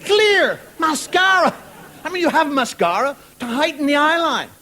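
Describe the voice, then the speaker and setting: A middle-aged Irish man doing a wry, rambling stand-up monologue on a TV studio stage, mimicking voices and now and then shouting. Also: very high voice, expressive, brisk. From Ireland. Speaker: stand-up comedian. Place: television studio with audience. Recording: broadcast studio with audience laughter and noise. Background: studio audience laughter.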